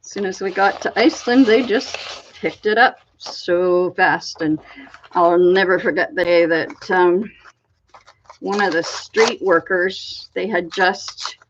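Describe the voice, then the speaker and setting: A woman from Canada talks slowly and casually as a crafting host, wandering from one thought to the next. A slight frog sits in her throat, and she clears it often. Her fairly low voice comes through a dull, lo-fi recording. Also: a little hiss or hum. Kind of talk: casual rambling chat.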